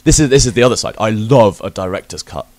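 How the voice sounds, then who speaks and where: A man hosting a podcast, chatting casually and ranting with lots of swearing and loud bursts of emphasis. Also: on the low side, fast talker, no echo. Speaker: podcast host. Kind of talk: casual chat.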